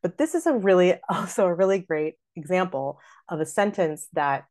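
A woman's voice: on the low side, animated, moderate pace, a little mellow. A woman hosting a podcast, teaching how to scan and stress lines of verse and walking through examples step by step. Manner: explains stress patterns, talks through examples. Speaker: podcast host and theater director.

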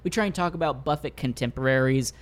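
A man co-hosting a podcast in relaxed, bantering chat, often restarting his sentences with fillers. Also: mid-range voice, fast. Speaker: podcast co-host. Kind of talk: casual chat.

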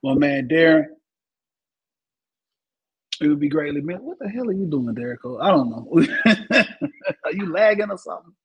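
A man's voice: on the high side, expressive, moderate pace, long pauses, husky, lo-fi sound. A man hosting a casual sports talk show. He sounds laid-back, and ends many lines with "man.". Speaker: podcast host.

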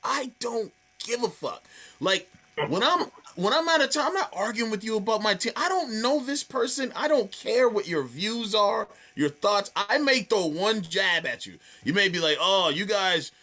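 A man's voice: high voice, expressive, moderate pace, bright, forceful tone. A man from the Boston area with a Boston accent, a stand-up comedian telling stories in casual podcast chat, swearing freely. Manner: swearing, storytelling, acts out quoted voices.

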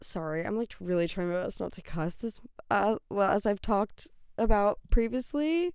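A young woman hosts her own podcast in a loose, rambling way, full of fillers, gushing asides and self-corrections. Her voice is smooth and clear, and she talks at an unhurried pace. The close mic sounds dry, with no room echo. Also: medium pitch, a little mellow. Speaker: podcast host. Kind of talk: solo chatty podcast rant.

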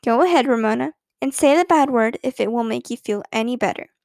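A tired but patient mother in a storybook, speaking quietly and gently, as a woman reads her. Her tone stays soft and even. The voice is light and recorded dry and close. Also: on the high side, fairly quick, dry recording, natural voice. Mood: tender.

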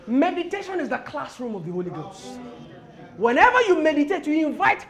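A man preaching with a very high, gravelly voice that rides up and down with great animation. He drops to quiet murmurs one moment and breaks into impassioned shouts the next as he reads and explains scripture. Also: big pitch swings, brisk. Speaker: pastor. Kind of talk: sermon.

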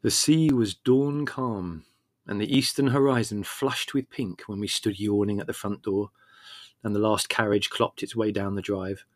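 Man reading an audiobook, low voice, dry close sound, measured. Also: fairly even intonation, dry recording. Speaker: audiobook narrator. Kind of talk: scripted narration.

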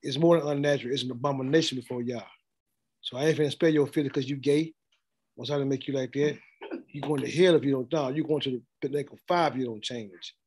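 A man's voice: mid-range voice, steady tone, quick pace, darkish tone, breathy edge. A middle-aged man preaching a blunt, informal sermon and laughing often as he speaks. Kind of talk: street sermon.

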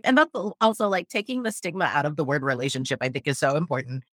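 A woman chatting casually as a podcast host, animated and swearing freely, with lots of "like" fillers. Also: deep voice, fast, hardly any pauses, no room sound, studio quality. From Los Angeles area. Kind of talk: casual chat.

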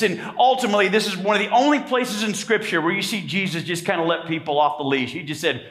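A pastor's high voice fills the church sanctuary as he talks fast, hardly pausing. His sermon is emphatic, punctuated by calls for amens from the congregation and climbing into shouts.

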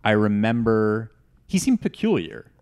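A man co-hosts a casual podcast in an easygoing way. He drops in side comments and bits of trivia in a fairly low voice. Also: very animated, unhurried, darkish tone, smooth. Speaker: podcast co-host. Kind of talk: casual chat.

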